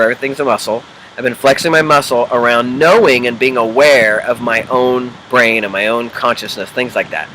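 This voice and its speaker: In a low-quality recording with slight background noise, a man's mid-range voice comes across with a sharp tone. He's a Midwestern executive life coach making a casual unedited video, checking in with viewers and acting out the quoted voices and inner chatter in his examples.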